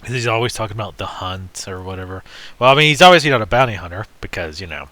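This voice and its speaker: A man's voice: lowish voice, expressive, fast, sharp tone. A man giving casual, joking and rambling commentary while playing a video game. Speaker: let's play host.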